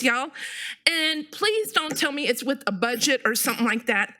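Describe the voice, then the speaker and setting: A woman's voice: on the high side, normal speed, pushed and bright. A woman giving a frustrated, emphatic public comment at a city council meeting. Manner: frustrated, emphatic, repeats herself.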